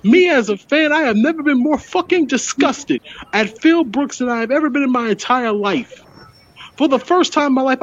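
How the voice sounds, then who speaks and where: Man, very high voice, heated profane rant, dull lo-fi recording. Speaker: podcast co-host. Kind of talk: ranting address to a wrestler.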